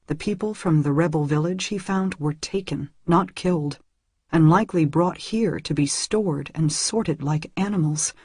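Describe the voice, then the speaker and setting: A woman's voice: low-pitched, normal speed, a little mellow, slightly rough, no echo, clean studio sound. A woman reading a first-person novel aloud in an earnest way that rises when the story grows tense. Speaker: audiobook reader.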